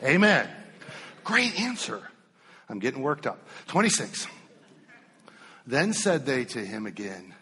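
A male pastor preaching an animated, emphatic sermon to his congregation in a church. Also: mid-range voice, takes it slowly, pauses often, husky, long reverb tail.

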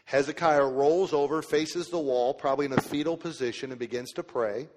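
A man preaching a sermon in a church. He reads scripture aloud slowly and then explains it in plain, casual terms. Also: mid-range voice. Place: church sanctuary. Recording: long hall reverb.

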